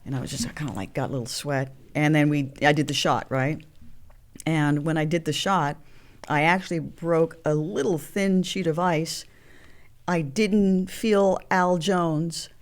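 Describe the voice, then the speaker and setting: A woman in her sixties, a guest actress, telling animated stories and acting out the voices of people in them. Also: low-pitched, unhurried. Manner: animated storyteller, acts out quoted voices. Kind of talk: storytelling interview.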